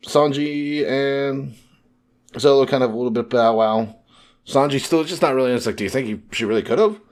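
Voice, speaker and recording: A man co-hosting a casual podcast, retelling story scenes and quickly paraphrasing the characters' lines. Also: medium pitch, darkish tone. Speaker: podcast co-host.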